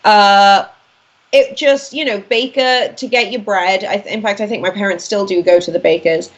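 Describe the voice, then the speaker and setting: A woman's voice: medium pitch, moderate pace. A woman in her twenties, raised in Wales, chatting as a guest on a talk-radio interview with lots of "like" fillers. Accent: Welsh-born, speaking with an American-leaning accent. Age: 20s. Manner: chatty, animated, many "like" fillers. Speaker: guest commentator.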